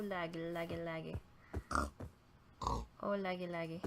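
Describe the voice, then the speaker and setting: A woman's voice: mid-range voice, normal speed, creaky, music in the background. A woman giving casual, playful commentary while playing a game and chatting to the animals on screen. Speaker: gaming video creator. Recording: noisy home recording.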